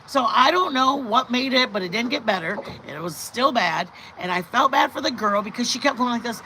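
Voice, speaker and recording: Bright, high-voiced rambling woman. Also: brisk, few pauses, slight background noise, low-quality recording. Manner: rambling, animated, bursts of loud laughter. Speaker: channel host. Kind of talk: casual live-stream chat.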